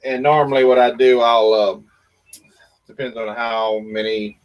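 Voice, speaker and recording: A man's voice: medium pitch, fairly even intonation, measured pace, highs cut off. A man, chatting as a guest on a video call in an easygoing, folksy, joking way. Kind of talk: casual chat.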